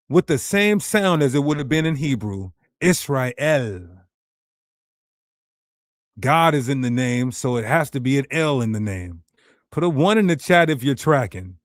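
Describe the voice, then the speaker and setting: A man's voice: on the high side, lively intonation, moderate pace, no echo, studio quality. Emphatic man teaching to his viewers. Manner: emphatic, rhetorical, addresses viewers directly. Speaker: ministry teacher. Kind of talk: animated teaching presentation.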